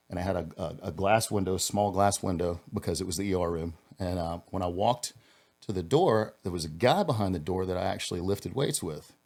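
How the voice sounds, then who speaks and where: A man, a former police officer, telling a personal story as a podcast guest in an earnest, halting way, restarting his sentences and going quiet in the emotional parts. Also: fairly low pitch.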